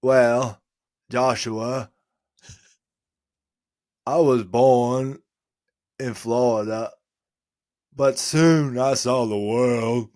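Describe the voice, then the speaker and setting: A man impersonating a simple-hearted Southern man who speaks in a very slow, drawn-out way. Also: mid-range voice, fairly even intonation, darkish tone. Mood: earnest.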